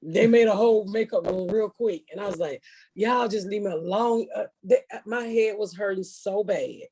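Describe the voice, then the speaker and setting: A woman's voice: medium pitch, moderate pace, mellow, husky. A woman comedian hosting a podcast, telling stories in a blunt, profane way. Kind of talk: casual chat.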